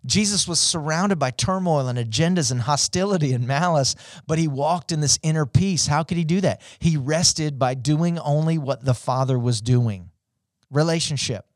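A pastor preaches with real fire, his voice sitting a little higher than most men's and leaping higher still when he pushes a point. He talks directly to the people watching online. The sound is close and dry, with almost no room echo. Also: moderate pace. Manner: impassioned, climbs to high emphatic peaks; addresses online viewers directly. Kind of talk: sermon.

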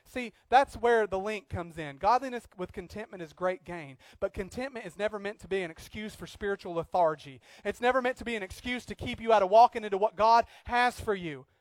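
A man preaching a sermon as pastor, swinging from loud acted outbursts to quiet earnest talk. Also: sits high, fairly quick, hardly any pauses, dry recording.

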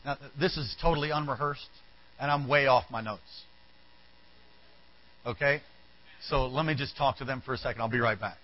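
With soft band music behind him, a pastor tells a Bible story in an animated sermon, voicing the characters and chatting with the band on the side. He speaks in a mid-range voice at a moderate pace with long pauses, and the audio sounds dull.

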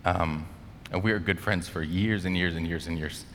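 A young male pastor gives a relaxed, conversational sermon in a lowish voice. He is animated and chatty, leaning on "like" and acting out voices. The sound carries a long reverb from a large church hall. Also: moderate pace, a little hiss or hum. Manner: animated, acts out quotes, many "like" fillers.

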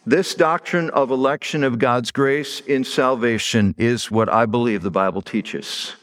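A man's voice: medium pitch, a little slow, a bit bright. A middle-aged man preaching a sermon as pastor, telling stories in a conversational way and leaning hard on key words. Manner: conversational storytelling with stressed words.

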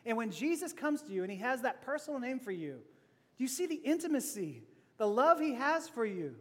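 A man preaching a sermon, playful and joking, dropping from loud to hushed and back. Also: very high-pitched, big pitch swings, fairly quick, long reverb tail. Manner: playful, laughing asides, swings from loud to hushed. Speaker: pastor.

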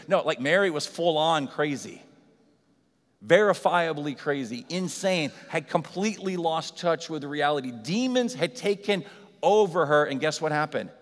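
Preaching man in a reverberant church hall. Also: on the high side. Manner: dynamic preaching, loud and soft by turns. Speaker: pastor. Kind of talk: Easter sermon.

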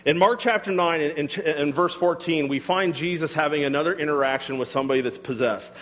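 A man's voice: fairly high pitch, fairly quick, fairly bright tone. A man preaching a sermon as pastor, earnest and emphatic, repeating phrases for weight in a church sanctuary. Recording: long hall reverb.

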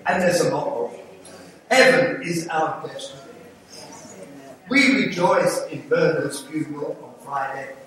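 An older Englishman preaches an earnest evangelist's sermon with an altar call in a church sanctuary, pleading with the congregation and slipping in small jokes. His voice is fairly high and fairly bright, and he keeps a measured pace. The hall is echoey, the mic sits far off, and room noise is audible.

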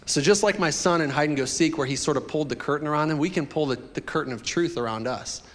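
A male pastor with a fairly high voice preaches in an animated, playful way, bantering straight with the congregation. His voice rings out in a church sanctuary with a long, trailing reverb. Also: fast. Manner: animated, joking, talks directly to the congregation. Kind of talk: sermon.

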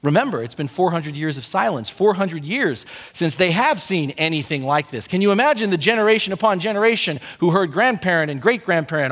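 A man preaching a sermon as pastor, conversational and animated, acting out little asides for his congregation. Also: high voice, brisk, hardly any pauses, big-room sound.

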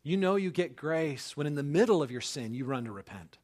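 A man's voice: a little high, expressive, fairly quick, a little mellow. A man in his thirties, a pastor, telling a personal story in a casual way and then preaching with emphatic, building conviction.

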